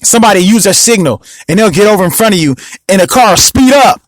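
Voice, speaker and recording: Fast-talking high-voiced man rambling. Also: expressive, no room sound, low-quality recording. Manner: rambling, repeats himself, lots of restarts; emphatic, asks the listener often. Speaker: podcast host. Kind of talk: casual monologue.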